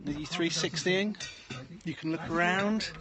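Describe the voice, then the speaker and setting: A man's voice: on the high side, unhurried, crowd noise. A man who hosts a radio show, walking a live stream through the station offices and joking cheekily. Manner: cheeky, excitable, bursts into shouting. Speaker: radio host. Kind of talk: casual banter on a live stream.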